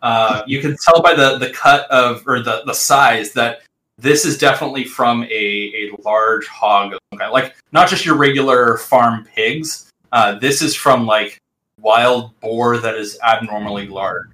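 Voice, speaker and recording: A man's voice: medium pitch, measured pace, pushed and bright. A man narrating as game master of a tabletop game, describing scenes with frequent fillers and restarts. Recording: roomy echo.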